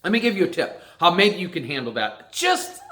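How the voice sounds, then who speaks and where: A man's voice: sits high, big pitch swings, fairly quick, bright, forceful tone. A man delivering a long emphatic rant to viewers about dirt track racing, repeating phrases for stress. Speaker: racing vlogger. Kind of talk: ranting monologue to viewers.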